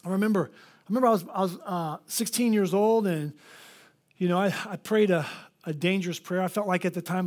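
A man's voice: sits high, brisk, darkish tone. A male pastor preaching a sermon in a church, telling stories with animation and acting out the voices he quotes.

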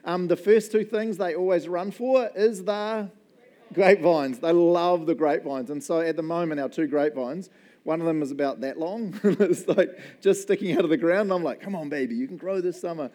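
A male pastor with a New Zealand accent delivers a casual sermon in church. He keeps it light and jokey, mixing animated stories and self-deprecating asides into the teaching. His voice sits slightly high but sounds mellow and relaxed. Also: normal speed.

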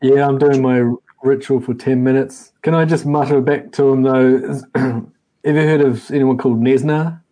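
Male player, mellow tone, calm and inquisitive. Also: mid-range voice, moderate pace. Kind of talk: casual tabletop play.

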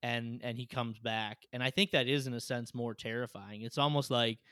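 A man co-hosting a casual chat, retelling scenes in an animated way with lots of filler words. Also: medium pitch, moderate pace, no echo, clean studio sound. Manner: animated storytelling, frequent "like" fillers.

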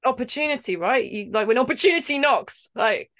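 A woman from London who acts in video games, talking in a casual interview in an animated, rambling way and laughing between thoughts. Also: fairly high pitch, fairly quick. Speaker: video game actor guest.

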